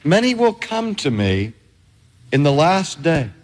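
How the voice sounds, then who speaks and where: An older man preaching a sermon in a measured, emphatic way with dramatic pauses. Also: a little high, big pitch swings. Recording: reverberant hall.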